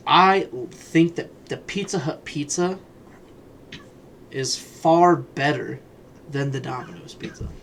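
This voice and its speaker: A man's voice: fairly high pitch, takes it slowly, gravelly, long pauses, fairly bright tone, a little hiss or hum. Blunt, profane man ranting casually. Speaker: podcast co-host. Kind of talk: casual chat.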